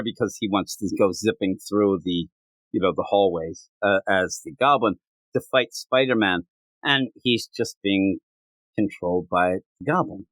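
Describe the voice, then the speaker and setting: A man hosting a casual comic book podcast, rambling and acting out bits of dialogue in quick voices. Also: fairly low pitch, a bit bright, no room sound. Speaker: podcast host.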